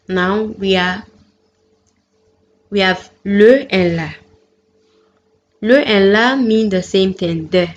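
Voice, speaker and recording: Woman language teacher, slow deliberate delivery, muffled lo-fi recording with light hiss. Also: medium pitch. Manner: clear, careful pronunciation of each example. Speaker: French teacher. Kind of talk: slow, deliberate lesson narration. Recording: dull lo-fi sound with faint background noise.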